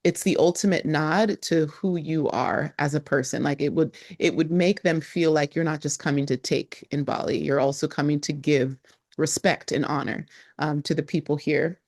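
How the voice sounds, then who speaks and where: A woman with a low-pitched voice talks viewers through a few local greetings in a relaxed vlog. She's from Nigeria, laughs easily, and slows right down whenever she spells a word letter by letter. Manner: lively, laughs often, spells words out slowly. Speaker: travel vlogger. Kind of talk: casual teaching of travel phrases.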